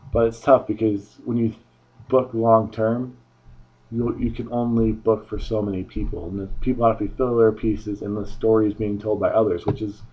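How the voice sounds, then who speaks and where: A man with a husky, slightly low voice talks through his opinions in a loose, offhand way, often restarting sentences. The sound is dull and lo-fi, like a home recording. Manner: rambling, offhand, frequent restarts. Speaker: wrestling show reviewer. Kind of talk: casual solo review commentary.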